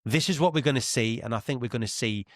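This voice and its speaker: Man, mid-pitched, confident and teasing football podcast co-host, dry close sound. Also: fast talker, no room sound. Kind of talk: casual football podcast chat.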